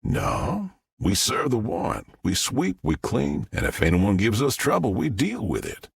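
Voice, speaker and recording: Brief: man doing cocky Southern-drawled sergeant, husky and lively, dry audiobook sound. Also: fairly low pitch, unhurried, dry recording, heavily acted. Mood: swaggering. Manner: heavy twang, swaggering and dismissive. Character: brash military sergeant, man, middle-aged, confident.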